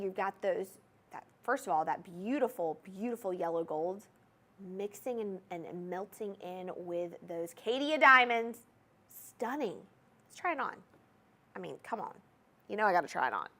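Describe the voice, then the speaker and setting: A woman's voice: medium pitch, a bit bright. Bubbly woman hosting a jewelry sales show. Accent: Southern US. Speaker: jewelry shopping host. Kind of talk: TV shopping presentation.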